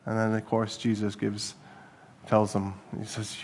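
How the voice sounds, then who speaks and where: A man preaching a sermon as a church pastor, earnest and animated, breaking into bursts of laughter as he talks. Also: on the low side, measured pace, slight background noise. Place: church hall.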